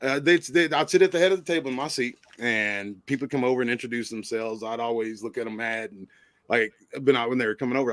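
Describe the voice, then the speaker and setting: A man's voice: medium pitch, steady tone, fast talker, a bit bright, no room sound. A man hosting a live stream, telling a long story in casual chat, stammering and laughing as he goes. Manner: rambling, stammering, laughs often.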